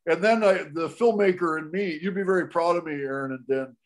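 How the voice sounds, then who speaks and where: An animated man recounting a story in a podcast conversation. His voice sits a little higher than most men's. He talks with lively restarts and keeps pushing the story forward. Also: fairly quick. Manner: animated, with frequent restarts and laughs. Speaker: guest storyteller.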